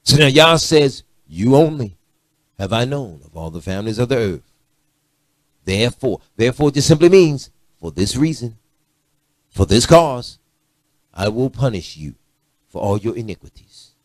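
A middle-aged man preaching a sermon, swinging from loud emphatic lines to low muttered asides. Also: very animated, moderate pace, pauses often, dry recording. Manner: preachy, rising to shouts and dropping to low asides.

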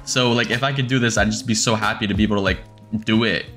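A young man giving casual commentary over his game, excitable and swearing, breaking into shrieks when he finds something. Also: on the low side, fast, faint music behind. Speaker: gaming streamer.

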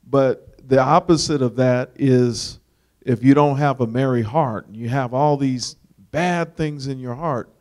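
A man's voice: mid-range voice, a little slow, darkish tone. A man speaking earnestly and conversationally in a Bible study discussion, with frequent "you know"s.

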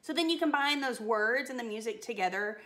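A woman's voice: fairly high pitch, fairly quick, fairly bright tone. A woman voice teacher giving a singing lesson, upbeat and encouraging as she coaches a phrase.

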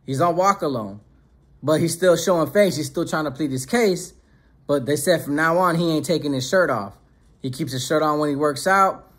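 Husky man telling a street story. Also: fairly high pitch. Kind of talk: casual prison story narration.

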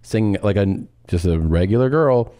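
A man's voice: fairly low pitch, lively intonation, moderate pace, mellow, dry recording, clean studio sound. A man co-hosting a podcast, rambling through crude stories and reactions. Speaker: podcast co-host. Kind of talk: casual podcast banter.

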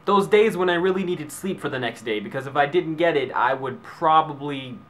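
A man's voice: a little high, fairly quick, a bit bright, a little hiss or hum. A young man vlogging at home into his camera, rambling through sarcastic asides and joking tangents. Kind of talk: comedic vlog monologue.

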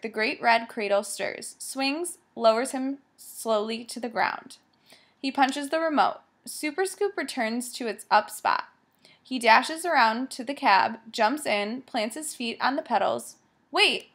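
A woman reads a story aloud in a measured, vivid storytelling voice. Her pitch sits a little on the high side. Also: a bit bright. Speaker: audiobook narrator. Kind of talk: scripted story narration.

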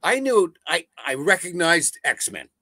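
A man, a voice actor telling stories in a casual interview, animated and swearing freely over a video call. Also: a little high, a little slow, no room sound. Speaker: voice actor guest. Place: home setup on a video call.

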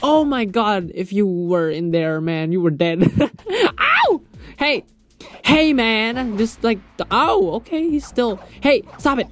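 A young man giving casual gameplay commentary, excitable, yelping, laughing often and swearing freely. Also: sits high, takes it slowly. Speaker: gaming channel host.

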